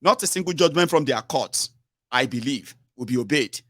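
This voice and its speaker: A man's voice: medium pitch, expressive, moderate pace, bright, forceful tone, dry recording, clean studio sound. Nigerian man hosting an urgent call-in show. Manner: urgent, repetitive, fillers and tags like "oh" and "sure you get". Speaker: talk show host. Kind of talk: political call-in talk.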